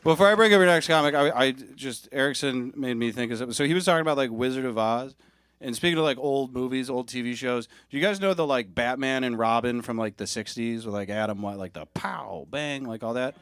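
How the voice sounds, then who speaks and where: A man's voice: mid-range voice, brisk, fairly bright tone, clean tone, dry recording, studio quality. A man hosting a comedy showcase on a club stage, bantering loosely between acts and hyping up the next comic. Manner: rambling, hype-building banter. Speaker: emcee host.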